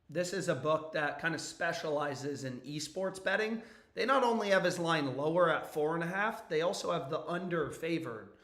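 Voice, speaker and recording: A young man with a hoarse, worn-out voice, chatting casually on a live stream about sports bets, loose and profane. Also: a little high, a bit bright, roomy sound. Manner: loose and profane, frequent "bro" and "dude" asides. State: hoarse, voice nearly gone.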